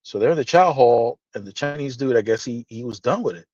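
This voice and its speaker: A man telling a story in casual podcast chat, animated and profane, acting out the dialogue. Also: mid-range voice, a little fast, no echo. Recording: dull, slightly lo-fi dry sound.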